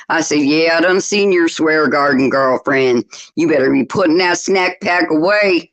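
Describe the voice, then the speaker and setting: A woman guest on a livestream panel, telling gossip stories in an animated way and laughing often. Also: deep voice, measured pace, hardly any pauses, low-quality recording. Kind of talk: casual gossip chat.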